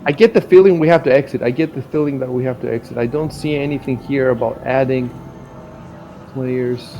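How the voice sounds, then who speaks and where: A man hosting a live game stream in casual chat, rambling and halting, with frequent restarts. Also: medium pitch, dark tone, soft background music. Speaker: stream host.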